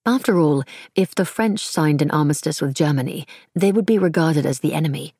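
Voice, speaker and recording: A woman reading an audiobook in scripted, measured narration. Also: sits low, dark tone, husky, no room sound, studio quality.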